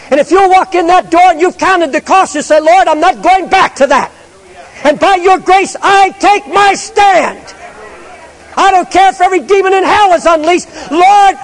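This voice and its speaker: A male pastor preaching in a large church, his voice pitched very high and ringing with long reverb. He pleads and presses, often repeating words as he drives his sermon home. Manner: fervent, pleading preaching with repetitions.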